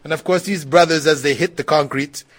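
Chatty male Islamic teacher, slightly high voice. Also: steady tone, fairly quick. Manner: conversational, laughs often, frequent "you know". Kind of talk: religious lecture with questions.

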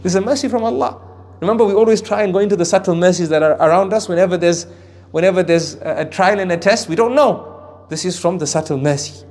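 A man preaching a sermon on Quran verses. He swings between raised emphasis and hushed asides, and recites Arabic phrases with careful pronunciation. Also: high voice, fast. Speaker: Islamic preacher.

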